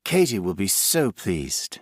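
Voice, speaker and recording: A man's voice: sits low, sing-song, takes it slowly, slightly rough, no room sound, studio quality, exaggerated voice. A man playing a polite, eager newcomer.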